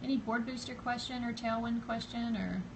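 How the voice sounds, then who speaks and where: A woman's voice: on the high side, steady tone, normal speed, noisy background. A woman with a Southern US accent hosting a casual live-stream tutorial, chatty and rambling with many fillers, greeting viewers by name as they drop in. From Southern United States. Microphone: phone camera.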